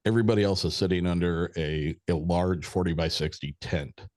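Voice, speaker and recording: Middle-aged man, very low voice, dry close sound, rambling and profane storyteller. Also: brisk, a little mellow, no echo. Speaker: podcast guest. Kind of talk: casual storytelling.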